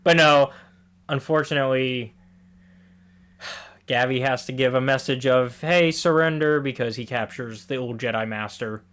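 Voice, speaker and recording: A man co-hosting a casual podcast about comics, animated and quick to laugh, often acting out the characters' lines and swearing casually. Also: medium pitch. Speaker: podcast co-host.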